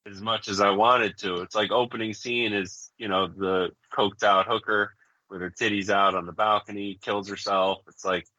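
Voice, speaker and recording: A man in his forties with a fairly low but bright, forward voice, talking in a blunt, profane, rambling way. He chats casually as a podcast co-host. The sound is dry and close, with no room echo. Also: little pitch movement, moderate pace, lo-fi sound. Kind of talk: casual chat.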